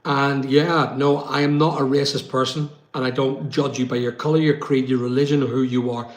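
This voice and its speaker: A man's voice: medium pitch, level tone, a little fast, echoey room. A man from West London hosting a casual live chat, reading out viewer comments and answering them with plenty of ums. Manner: chatty, reads out comments, many ums.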